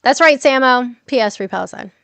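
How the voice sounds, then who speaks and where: Chatty middle-aged woman, creaky voice. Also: a little high, a little fast, fairly bright tone, no room sound. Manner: chatty, swears freely, laughs often, answers viewer comments. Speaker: livestream host. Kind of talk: casual livestream chat.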